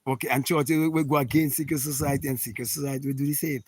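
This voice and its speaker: A man's voice: mid-range voice, fairly even intonation, quick pace, husky, dry recording. A man hosting a spiritual talk, reading viewer comments and answering them in an emphatic, repetitive, preachy way.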